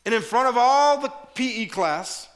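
Middle-aged male pastor, high bright voice, animated sermon delivery that drops into hushed prayer, frequent stumbles and repeats. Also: moderate pace. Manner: animated storytelling, repeats words, shifts to quiet prayerful tone.

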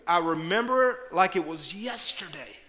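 High, bright-voiced middle-aged man preaching. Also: moderate pace. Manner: animated storytelling, repeats words, shifts to quiet prayerful tone. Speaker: pastor. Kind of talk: sermon.

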